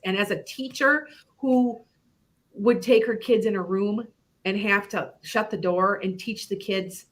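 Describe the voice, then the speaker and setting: A middle-aged woman hosts an internet radio show about her psychic predictions. Her voice is bright and clear, and she talks in a chatty, rambling way, laughing often as she goes. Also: medium pitch. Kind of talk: casual chat about predictions.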